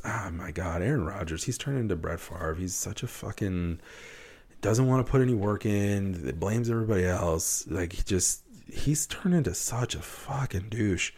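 A man's voice: lowish voice, animated, moderate pace, darkish tone. A young man hosting a solo podcast in casual chat, swearing often and getting worked up. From Wisconsin, United States. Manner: swears often, gets worked up about sports. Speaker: podcast host.

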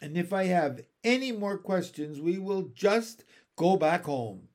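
A stern, clipped nanny figure from a storybook, haughty and quick to disapprove, voiced by a man reading aloud. The voice sits a little high and moves slowly and deliberately. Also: very animated, mellow, husky, exaggerated voice. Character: stern prim woman nanny, easily displeased.

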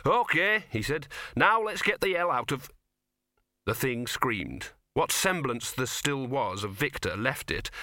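A man narrating an audiobook in a steady, measured way. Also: mid-range voice, no echo, clean studio sound. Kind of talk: scripted narration.

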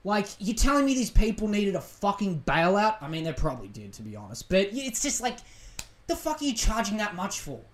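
A man's voice: high voice, sing-song, brisk. A man with an Australian accent hosting a casual solo podcast, ranting sarcastically and swearing as he jumps between tangents. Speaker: podcast host. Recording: roomy echo.

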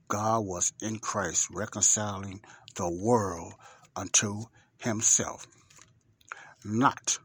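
A man giving a podcast Bible teaching. He reads scripture slowly and deliberately, repeats key words for emphasis and asks rhetorical questions. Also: sits low, slightly rough.

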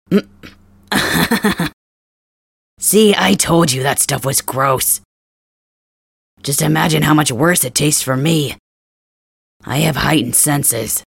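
Man as a blunt, grumbling young male cat hybrid for an ASMR role-play; slow delivery, husky, dry and close. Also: a little high, fairly bright tone, dry recording, exaggerated voice.

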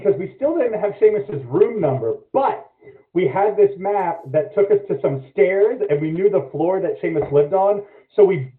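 A man telling a story as a podcast guest in casual chat, animated and swearing freely. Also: sits high. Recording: echoey, phone-like lo-fi audio.

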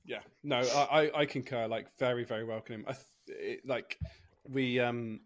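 A man's voice: medium pitch, steady tone, moderate pace, no echo. Rambling young British man, dry close sound. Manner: rambling with many fillers and restarts. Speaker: podcast co-host. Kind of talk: casual chat.

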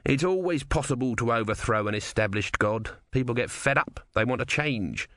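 A man's voice: mid-range voice, moderate pace, a bit bright, no echo, lightly acted. A man voicing a small god stuck as a tortoise, talking in a dry, worldly, scheming way in a storybook reading. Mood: wry. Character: small god trapped as a sardonic male tortoise.

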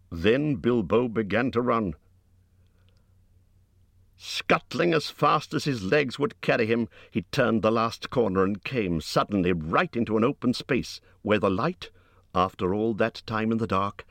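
This is a man reading an audiobook with measured, expressive storytelling. He speaks at a low pitch, with no echo present.

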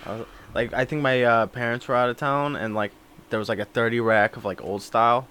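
A man's voice: mid-range voice, fairly even intonation, fast talker, sharp tone, smooth. A man in his twenties co-hosting a podcast, telling stories casually with lots of fillers. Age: 20s. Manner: rambling, filler-heavy storytelling. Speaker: podcast co-host. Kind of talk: casual chat.

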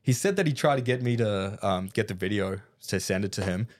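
A young Australian man with a laid-back manner, telling a long story as a podcast guest, laughing often and filling pauses. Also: fairly low pitch, lively intonation, dry recording, studio quality. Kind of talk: casual storytelling.

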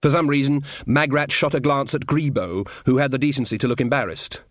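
A man's voice: mid-range voice, fairly even intonation, brisk, few pauses, no room sound, studio quality. A man reading a comic fantasy novel aloud as audiobook narrator, shifting his voice slightly for each character. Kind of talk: scripted narration.

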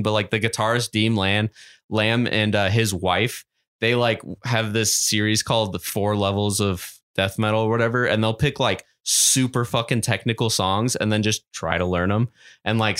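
A man's voice: fairly low pitch, a bit bright, smooth. A man co-hosting a podcast in a casual chat, rambling and swearing a lot as he tells stories and often laughs. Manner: profane, rambling storyteller who laughs often. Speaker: podcast co-host.

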